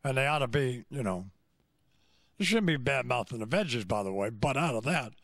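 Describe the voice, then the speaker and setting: Grumbling older radio host, lively pitch. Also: male voice, fairly quick, dry recording, clean studio sound. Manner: gruff, grumbling. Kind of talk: morning radio banter.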